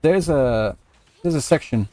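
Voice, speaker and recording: A man's voice: a little high, animated, measured pace, warm tone, no room sound. Emphatic man streaming, dry close sound. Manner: emphatic, stacks repeated phrases and trails into restarts; blunt and exasperated, swears for emphasis. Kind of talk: casual live-stream chat answering viewers.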